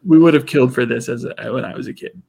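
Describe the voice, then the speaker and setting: A man's voice: medium pitch, fast talker, vocal fry, warm tone, breathy edge. A man co-hosting a casual podcast chat, laughing often and acting out quotes from the show. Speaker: podcast co-host.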